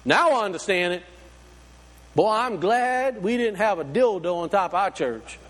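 A man's voice: high-pitched, expressive, normal speed, fairly bright tone, in a large hall. A man preaching a sermon, folksy and full of rhetorical questions. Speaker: pastor.

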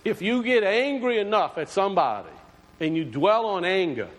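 A man's voice: sits high, animated, moderate pace. A man preaching a sermon, talking conversationally and asking his congregation questions. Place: church sanctuary. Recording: long hall reverb.

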